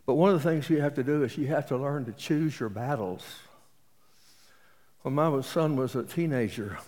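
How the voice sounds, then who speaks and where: A man's voice: mid-range voice, moderate pace, darkish tone. A man in his late seventies with an East Texas accent, preaching a sermon and telling folksy stories with jokes. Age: 70s. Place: auditorium. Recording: reverberant auditorium.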